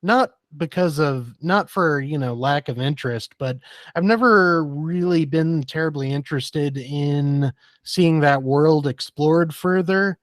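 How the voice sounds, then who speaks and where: A man's voice: on the high side, unhurried, no echo, clean studio sound. A man guesting on a casual film podcast, thoughtful and hesitant, with many fillers.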